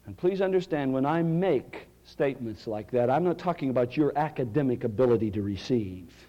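A male preacher, delivering a sermon with dramatic swings from loud cries to near-whispers. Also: mid-range voice, animated, fairly quick, lo-fi sound.

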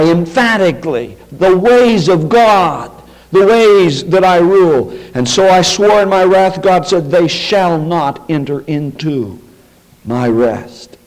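Male preacher, high-pitched, emphatic lecturing sermon delivery. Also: expressive, poor audio. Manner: emphatic, slows down on quoted scripture.

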